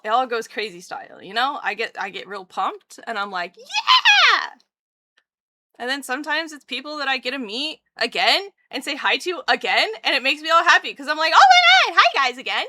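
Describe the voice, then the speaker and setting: A young adult woman livestreamer chatting casually with her viewers, bubbly and excitable, with jokey self-mocking asides and a voice that leaps up when she greets people. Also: fairly high pitch, no echo. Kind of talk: casual chat with live viewers.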